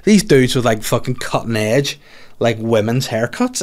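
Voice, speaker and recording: A man in his mid-thirties with a Northern Irish accent, hosting his own podcast as a comedian. He rambles through casual stories, swears freely and keeps things jokey. His pitch sits in the middle of the male range. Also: lively intonation, normal speed, a little mellow. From Northern Ireland. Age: 30s. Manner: sweary, rambling, jokey, slips into mocking voices. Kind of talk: casual solo podcast monologue.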